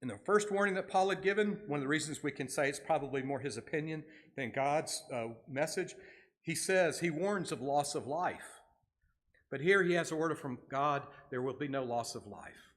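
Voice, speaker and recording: A man's voice: mid-range voice, normal speed, fairly bright tone. A man leading a Bible study in a church, reading scripture aloud and then explaining it in a casual way with fillers and restarts.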